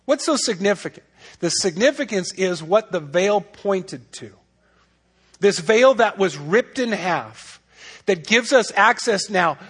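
High-voiced man preaching with emphasis. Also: a bit bright, breathy edge. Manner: conversational, emphatic preaching with rhetorical questions. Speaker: pastor. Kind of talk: sermon.

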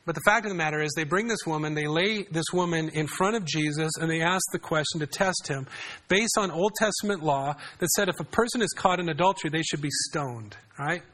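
A man's voice: fairly high pitch, a little fast, a bit bright. A man preaching a sermon in a conversational way, often asking his congregation questions. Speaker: pastor.

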